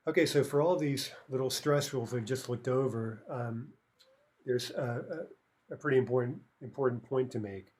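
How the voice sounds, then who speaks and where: A man's voice: medium pitch, normal speed, a little mellow, breathy edge. A man teaching a recorded language lesson, explaining grammar rules step by step and often checking in with "right?".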